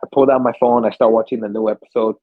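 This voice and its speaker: In a casual podcast chat, a young co-host races through his stories, swearing freely and acting out the screams and gasps with animation. His voice sits lowish. The sound is narrow and tinny.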